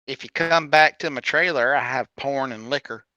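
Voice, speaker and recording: A man's voice: mid-range voice, normal speed, sharp tone, dry recording. A man on a casual comedy podcast who jokes around and giggles. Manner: jokey, giggly. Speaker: podcast guest.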